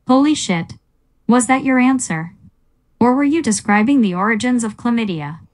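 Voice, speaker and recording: A fairly high-pitched woman reads mock interview questions in flat, scripted sarcasm. Her delivery stays deadpan throughout. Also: normal speed. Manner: deadpan, mocking. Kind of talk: scripted satirical narration.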